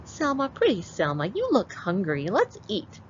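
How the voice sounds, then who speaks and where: A woman voicing a doting, easily fooled old grandmother in a high sing-song storybook voice. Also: huge pitch swings, a little slow. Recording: dull lo-fi with faint hiss.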